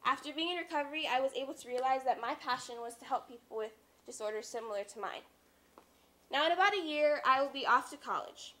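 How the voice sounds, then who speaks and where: A woman's voice: sits high, fast talker, bright, forceful tone. A teenage girl giving an earnest, confiding talk on stage, with wry asides. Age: teens. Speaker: student speaker. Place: stage at a youth talk event.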